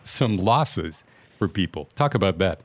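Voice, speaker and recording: A man hosting a radio talk show in a friendly, relaxed way. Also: sits low, a little slow, no echo. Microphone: studio microphone.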